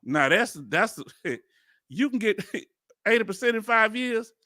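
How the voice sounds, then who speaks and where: A man's voice: high voice, animated, slow, sharp tone, dry recording, clean studio sound. A man with a Southern accent hosting a reaction video, talking in casual slang, incredulous and laughing often. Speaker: video host reacting to a hearing.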